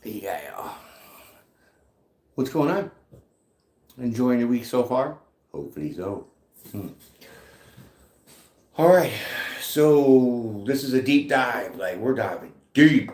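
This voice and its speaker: Chatty man with a lively, echoing voice. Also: medium pitch, takes it slowly, pauses often. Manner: chatty and joking, reads out viewer comments. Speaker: tarot reader hosting a live chat. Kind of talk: casual live-stream talk. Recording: echoey room.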